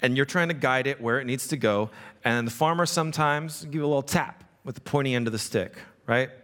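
A man's voice: medium pitch, fairly quick, fairly bright tone. A male pastor preaching a casual, conversational sermon, often checking in with the congregation. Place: church sanctuary. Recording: long reverb of a hall.

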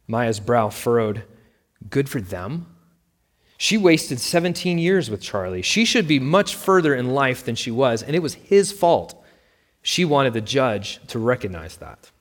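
A man narrates a story with steady, plain delivery at a middle pitch. His voice carries a long reverb tail, as if read in a hall. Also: moderate pace.

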